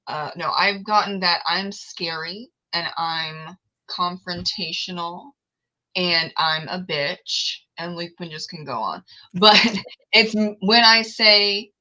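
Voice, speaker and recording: A woman's voice: on the low side, slow pace, sharp tone, low-quality recording. A woman hosting a casual livestream chat, talking candidly and laughing often. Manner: candid, laughs often, acts out quoted exchanges. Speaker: livestream host.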